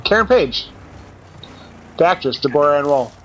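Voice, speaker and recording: A man's voice: on the high side, lively intonation, normal speed, a bit bright, slight background noise, low-quality recording. A man co-hosting a casual gaming stream, chatty and sarcastic, laughing often. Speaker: podcast co-host.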